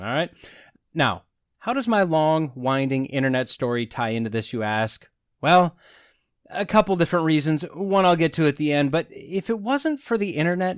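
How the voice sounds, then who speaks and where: A man's voice: a little high, no echo, clean studio sound. A man in his forties hosting a solo podcast, telling stories with sarcastic asides and talking straight to the listener. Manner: sarcastic, animated storytelling with wry asides; skeptical, talks straight to the listener. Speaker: podcast host.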